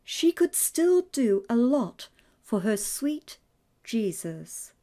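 A woman reads a devotional story aloud in a measured, reverent manner. Her voice is mellow and a little high, with a slow pace and a lively, expressive melody.

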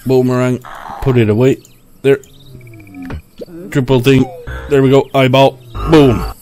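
Faint music plays behind a man commentating on his own gameplay, muttering to himself in frustration and cursing a lot. His medium-pitched voice is dark and flat, and he takes his time.

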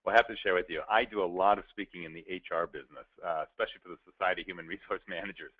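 A man's voice: deep voice, steady tone, very fast, husky. A man, a professional speaker, giving a playful, interactive storytelling presentation and addressing his audience directly. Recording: tinny narrow-band recording.

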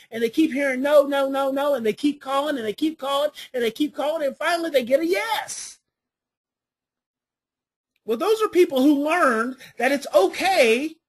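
A woman giving a parenting coaching class, telling family stories and hammering points home by repeating them. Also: sits high. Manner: storytelling with family anecdotes, emphatic repetition.

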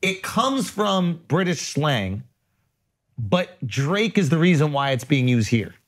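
A New York man co-hosting a podcast, teasing his friends and swearing freely. His voice is husky and sits fairly high, and it swings widely in pitch. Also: big pitch swings, takes it slowly. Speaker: podcast co-host. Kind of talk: casual chat.

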